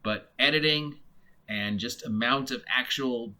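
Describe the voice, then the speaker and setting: A man's voice: mid-range voice, a little slow, bright, forceful tone. A man giving a casual, rambling monologue as a game reviewer, full of fillers and restarts. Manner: mock voices when imitating others.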